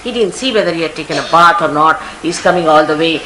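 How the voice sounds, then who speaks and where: A woman's voice: low-pitched, quick pace, rough recording. Indian woman giving a spiritual discourse. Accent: Indian English. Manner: storytelling, acting out quoted people. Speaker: spiritual teacher. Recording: hissy archival 1980s tape recording.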